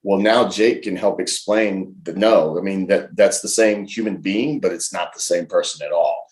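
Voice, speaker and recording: A man in his forties, an interview guest, telling lively anecdotes in a casual way and acting out the quotes. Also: low voice, moderate pace. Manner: lively anecdotal storyteller, laughs and acts out quotes. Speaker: professional wrestler, interview guest. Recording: roomy echo.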